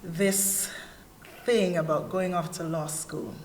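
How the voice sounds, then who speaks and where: A woman's voice: lowish voice, takes it slowly, a little hiss or hum. Jamaican woman telling her story, echoey hall. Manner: earnest storyteller, candid and animated. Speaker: panelist. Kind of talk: personal testimony in a panel talk. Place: church hall. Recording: echoey hall with faint ambience.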